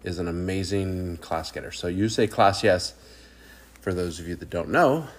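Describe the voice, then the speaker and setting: A man's voice: sits low, lively intonation, a little fast. A man who teaches third grade, talking casually about classroom methods in a loose, rambling way with plenty of fillers.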